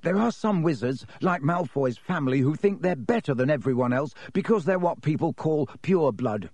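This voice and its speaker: A man voicing a sick young schoolboy who speaks hoarsely and weakly. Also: fairly high pitch, expressive, moderate pace, darkish tone, no room sound, voice pushed up. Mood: queasy.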